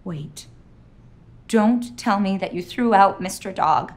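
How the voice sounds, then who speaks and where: A woman's voice: mid-range voice, expressive, slow pace. A sarcastic, exasperated girlfriend. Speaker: girlfriend in a comedy sketch. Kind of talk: scripted comedy sketch acting.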